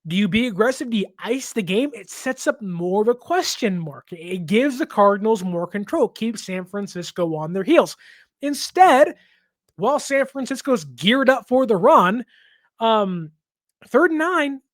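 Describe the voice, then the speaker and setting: A woman, hosting a sports podcast, giving casual football analysis in quick, emphatic rants that often restart mid-sentence. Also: on the high side, dry recording. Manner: emphatic and excitable, rapid rants with self-interruptions.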